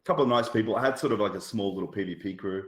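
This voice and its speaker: A man's voice: fairly low pitch, rapid-fire. A man from Australia, telling a rambling story as a podcast guest, full of fillers and asides. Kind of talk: casual storytelling chat. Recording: roomy echo.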